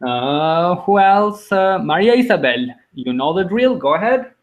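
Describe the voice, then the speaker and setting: A man's voice: sits high, expressive, measured pace, poor audio. A man teaching a language over a video call, patient and encouraging, explaining step by step. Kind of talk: online class teaching.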